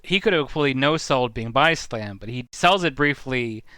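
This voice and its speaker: A man's voice: mid-range voice, lively intonation, fairly quick, sharp tone, clear, resonant tone, dry recording. A man co-hosting a podcast, giving thoughtful, analytical opinions in casual chat, with vivid comparisons.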